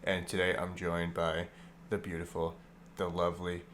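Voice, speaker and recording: A man's voice: deep voice, completely flat delivery, normal speed, a bit bright, slight background noise. A man co-hosting a podcast in casual chat, stuffy-nosed and a little sick, joking and teasing. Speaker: podcast co-host.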